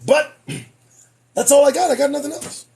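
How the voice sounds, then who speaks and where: A man hosting a podcast, losing his voice, delivering an emphatic, preachy commentary monologue that swings between loud declarations and muttered asides. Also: very high-pitched, unhurried. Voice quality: husky. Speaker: podcast host.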